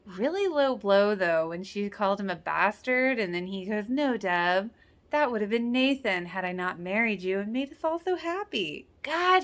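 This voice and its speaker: A woman's voice: medium pitch, a bit bright. Chatty woman reacting to a TV episode. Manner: chatty, exclaims and laughs often, quotes characters. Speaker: rewatch reaction host. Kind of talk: casual reaction commentary.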